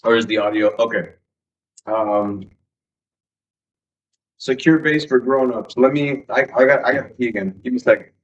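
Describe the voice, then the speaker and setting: A man hosting a casual livestream, musing aloud and drifting between quiet self-talk and louder chat. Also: medium pitch, normal speed, pauses often. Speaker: livestream host. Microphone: streaming mic, turned away at times. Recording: distant, dull lo-fi stream audio.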